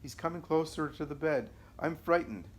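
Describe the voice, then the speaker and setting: A man's voice: medium pitch, moderate pace, close to an everyday voice. A man reading the lines of the narrator's wife, a strong-willed woman who turns terrified.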